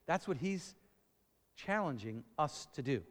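Male pastor, animated sermon, high voice, long hall reverb, calls for amens. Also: unhurried. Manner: animated, call-and-response preaching.

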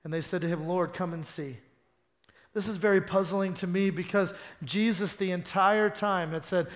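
A man preaching a sermon, reading scripture aloud and commenting on it, swinging from loud fervent passages to soft, low intimate ones. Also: fairly even intonation, moderate pace.

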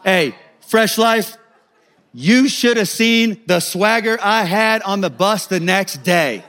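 A man preaching a sermon as a pastor, telling a personal story in an animated, humorous way. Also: high voice, slow pace.

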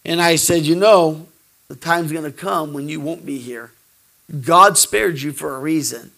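A middle-aged man preaching a folksy sermon, joking and repeating himself, swinging from quiet asides to shouted praise. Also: fairly high pitch, a little slow, creaky. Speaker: pastor.

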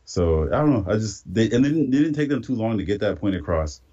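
A man in casual podcast chat, talking in a relaxed, reflective, drawn-out way. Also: fairly low pitch, breathy edge. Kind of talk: casual chat about an anime. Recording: dull lo-fi sound.

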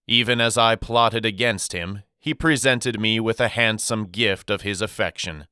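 A man narrating an audiobook chapter as the storyteller, in a measured, reflective manner. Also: on the low side, bright, forceful tone, clean tone, no echo, clean studio sound. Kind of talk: scripted narration.

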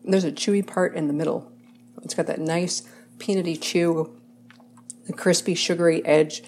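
Woman, lowish voice, casual home-kitchen baking host, rambling and self-correcting. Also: darkish tone, slight background noise.

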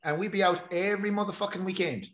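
Irish man talking loosely on a podcast, cursing often, slightly high voice, echoey room. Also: fast talker, fairly bright tone. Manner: swears freely, rambling storyteller. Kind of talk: casual chat.

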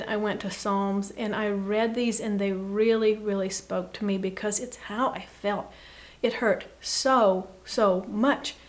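Earnest soft-spoken woman guest. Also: mid-range voice. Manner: earnest, reflective, often drops to a soft hush. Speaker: podcast guest. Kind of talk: personal faith talk.

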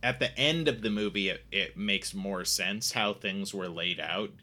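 A man co-hosting a casual movie podcast, dry and measured, stumbling a bit at the start of his thoughts. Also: fairly low pitch, pushed and bright. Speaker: podcast co-host.

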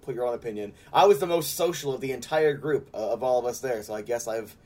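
A man's voice: mid-range voice, fast talker, darkish tone. Guy from arizona chatting on a sports podcast, says like a lot, laughs a bunch, rambles. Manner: rambling, heavy use of "like", laughs often. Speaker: podcast co-host. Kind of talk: casual chat.

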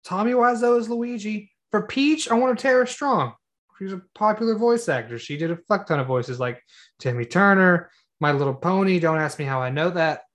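A man's voice: high voice, normal speed, a bit bright. A man co-hosting a podcast in casual chat, leading topics bluntly with lots of swearing. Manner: leads topics, blunt and profane. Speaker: podcast co-host.

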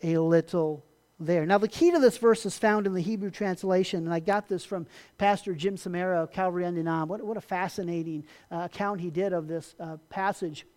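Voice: medium pitch, brisk, darkish tone. A pastor preaching a sermon in a conversational way, often restarting phrases and acting out short bits of dialogue. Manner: acts out dismissive replies in dialogue.

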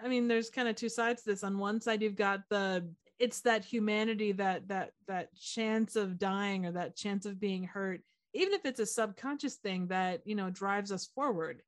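A woman's voice: medium pitch, normal speed, few pauses. A woman co-hosting a podcast, thinking aloud in casual chat with many fillers. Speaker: podcast co-host.

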